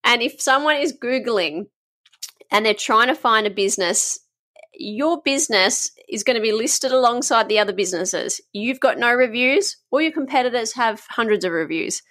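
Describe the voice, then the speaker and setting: A woman's voice: a little high, expressive, moderate pace, a bit bright, no echo, clean studio sound. A woman in her thirties with an Australian accent, hosting a casual solo podcast in a frank, chatty way, swearing freely and wandering off topic. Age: 30s. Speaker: podcast host. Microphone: podcast microphone.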